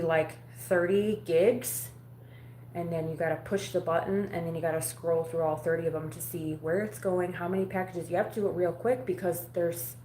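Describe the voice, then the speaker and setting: A woman rambles bluntly to her live-stream viewers, cursing freely. Her voice sits a little low, and the room around her is echoey, with a faint hum behind it. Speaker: vlogger talking to a live audience. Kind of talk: casual live-stream chat. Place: home at night.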